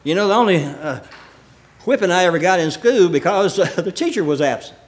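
A man preaching a sermon, reading scripture slowly and explaining it in plain folksy talk, with frequent throat clearing and soft chuckles. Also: high-pitched, lively intonation.

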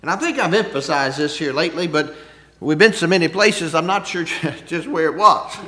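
A man preaches in a talky, conversational style, asking rhetorical questions and trading loud emphasis for quiet asides. He speaks on the high side at a moderate pace.

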